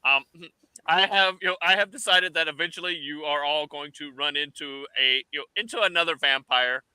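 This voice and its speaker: Brief: man, very bright tense tone, slightly higher pitch, dry sound, giggly chat. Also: brisk, clean tone, no echo, rough recording. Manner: laughs between sentences. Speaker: tabletop game player. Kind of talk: casual gaming chat.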